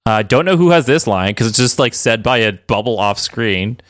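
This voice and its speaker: Low-voiced wry woman co-host. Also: lively intonation, moderate pace, no room sound, clean studio sound. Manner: wry and self-deprecating. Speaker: podcast co-host. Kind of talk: casual chat reading comics aloud.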